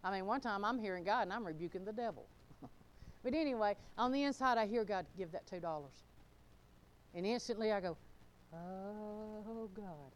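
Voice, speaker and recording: A middle-aged woman pastor, preaching a fervent sermon that swings between loud exclamations and low, laughing asides. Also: fast talker.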